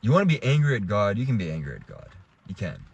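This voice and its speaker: A man's voice: on the low side, huge pitch swings, fast, creaky, breathy edge, muffled recording. A young adult man giving a heated, rambling casual rant to camera, restarting and swearing as he talks. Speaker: vlogger.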